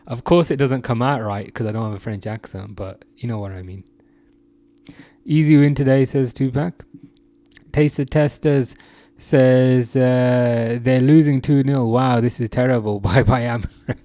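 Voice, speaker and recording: A young man from England chats casually on a live stream, reading viewer comments aloud and often breaking into laughter. His voice sits at an ordinary pitch and comes across dry and close, with no room sound around it. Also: a little slow, warm tone, dry recording. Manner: chatty, laughs often, many restarts and fillers.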